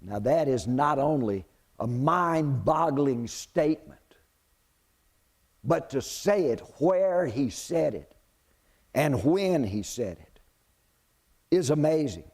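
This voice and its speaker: A male preacher delivering a sermon, retelling a Bible story in an animated way and putting questions to the congregation. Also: fairly high pitch, slow, pauses often.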